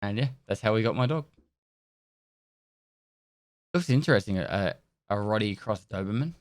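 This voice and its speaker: A man's voice: fairly low pitch, animated, normal speed, dry recording, clean studio sound. Rambling casual livestreamer man. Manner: rambling, stumbling over words, laughing and swearing. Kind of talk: casual chat with chat.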